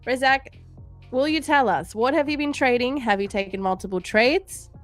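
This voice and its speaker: A woman's voice: fairly high pitch, moderate pace, faint music behind. A woman hosting a live trading stream, reading viewer comments aloud in a playful, teasing way and laughing often. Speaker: livestream trading show host.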